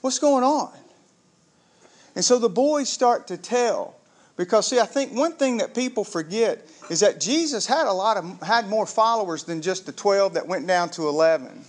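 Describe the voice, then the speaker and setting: A man preaches a sermon, his voice sitting noticeably high for a man. He tells the story with animation, slipping into the characters' voices as he goes. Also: animated, normal speed. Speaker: pastor.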